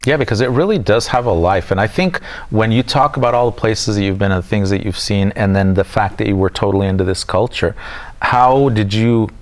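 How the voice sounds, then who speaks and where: A man with a fairly low voice hosts a local TV interview. He sounds enthusiastic and asks long, winding questions that circle back on themselves. His tone is friendly and conversational. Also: brisk. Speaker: TV interviewer, host.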